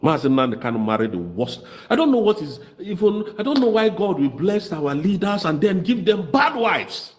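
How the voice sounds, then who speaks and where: A man from southeast Nigeria with an Igbo accent delivers fiery, mocking political commentary in a high, very animated, darkish voice at normal speed with few pauses. Impassioned and scornful, he switches into Igbo.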